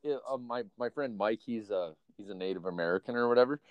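A man's voice: fairly low pitch, fast talker, no echo, muffled recording. A man in casual chat, rambling and profane, telling stories with frequent laughter.

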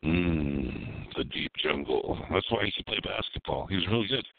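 A man hosts a live call-in radio show, rambling in a crude, provocative way. His voice sits a little low. The sound is dry and tinny, like it comes over a phone line. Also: lively intonation, normal speed, gravelly, dry recording.

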